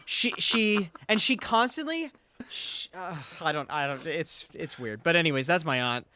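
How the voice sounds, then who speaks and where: A male voice actor and comedian, a guest on a podcast, chatting casually in a halting, self-deprecating way. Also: on the high side, lively intonation, bright, forceful tone.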